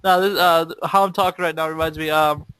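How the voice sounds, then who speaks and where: A man's voice: on the high side, fairly even intonation, fairly quick, pushed and bright, clear, resonant tone, no echo, rough recording. A young man co-hosting a podcast in casual chat, crude, swearing a lot and laughing often. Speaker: podcast co-host.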